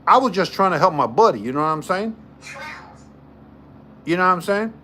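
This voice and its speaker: A man chatting casually to a livestream audience, joking and circling back to the same points. His voice sits high for a man and swings widely up and down. The delivery is loose and conversational. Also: moderate pace, a little hiss or hum. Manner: animated, joking, repeats himself. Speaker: livestream host. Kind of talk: casual storytelling to a live chat.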